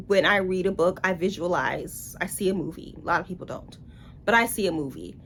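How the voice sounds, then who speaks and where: A woman's voice: medium pitch, a little hiss or hum. A woman giving a casual book review in a blunt, sarcastic way.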